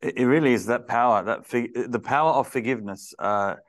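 A man's voice: medium pitch, fairly quick. Male interview host, mid-range voice, affirming, stammering repeats. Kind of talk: conversational interview.

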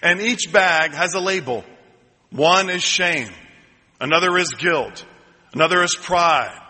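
Bright-voiced preacher in a reverberant hall. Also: male voice, on the high side, breathy edge. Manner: storytelling preacher, slowing down for emphasis and building to ringing repeated lines. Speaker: pastor. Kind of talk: sermon. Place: church sanctuary.

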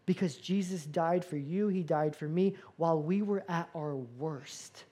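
A man preaching a sermon as a pastor, animated, acting out dialogue with playful asides. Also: fairly high pitch, a little slow.

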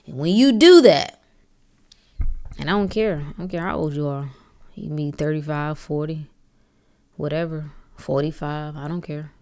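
A podcast host delivers a blunt, preachy, profane motivational monologue that climbs to fervent emphasis. Her voice is deep and darkish, at a moderate pace with frequent pauses.

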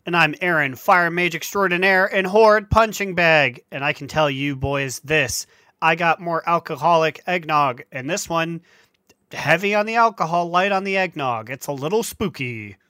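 A man co-hosting a casual gaming podcast, playful and teasing, with loud exclamations. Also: fairly high pitch, moderate pace, dry recording, studio quality. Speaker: podcast co-host. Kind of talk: casual chat.

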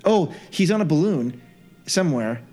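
A man co-hosting a casual podcast, thinking aloud through a guessing game with plenty of hesitant fillers. His pitch swings widely as he talks. Faint music plays underneath. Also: animated, moderate pace, dark tone. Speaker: podcast co-host.

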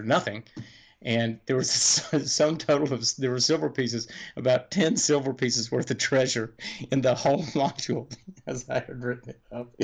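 A middle-aged man, a game designer guest, chatting casually on a podcast, rambling through stories with chuckles and restarted sentences. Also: mid-range voice.

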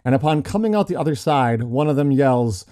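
A man's voice: mid-range voice, animated, a little fast, dark tone. A middle-aged man hosting a podcast, telling stories in a casual, chatty way with frequent restarts and laughs. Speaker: podcast host. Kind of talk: casual chat.

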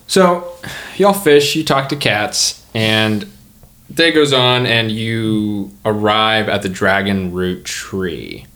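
Low-voiced man running a tabletop game. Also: takes it slowly, a bit bright, a little hiss or hum. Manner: casual, rambling. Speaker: game master.

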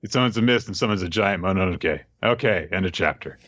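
A man's voice: fairly low pitch, moderate pace, long pauses, dry recording, highs cut off. A man co-hosting a podcast, casually recapping a manga chapter with lots of fillers and asides. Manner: animated, rambling, lots of fillers. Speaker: podcast co-host.

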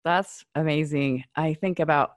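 A woman guest who works in adult education, speaking with reflective enthusiasm in a casual interview. Her voice is somewhat low. The sound is dry, with no room echo. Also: measured pace.

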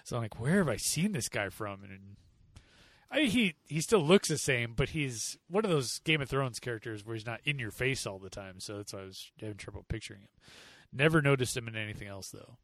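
Casual sarcastic American male co-host, mid-pitched, dry close mic. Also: expressive, fairly quick, no room sound. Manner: sarcastic, mocks accents in loud bursts. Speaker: podcast co-host. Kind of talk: casual movie review chat.

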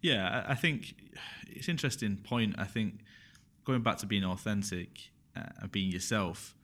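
A man's voice: lowish voice, moderate pace, a bit bright. A man talking frankly and openly in a casual podcast conversation, often repeating himself as he works through his thoughts.

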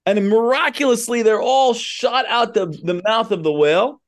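A man's voice: very high voice, moderate pace. A man teaching a class in a synagogue, retelling a story loosely with many asides. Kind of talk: storytelling lecture.

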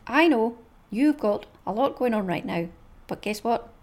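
A Scottish woman voicing an earnest, affectionate pet dog in a slow, deadpan read with long pauses. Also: fairly high pitch. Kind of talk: reading funny dog posts aloud.

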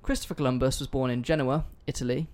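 A man's voice: medium pitch, steady tone, fast, darkish tone. A man hosting a casual history podcast, chatty and offhand, swearing freely. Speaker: podcast host.

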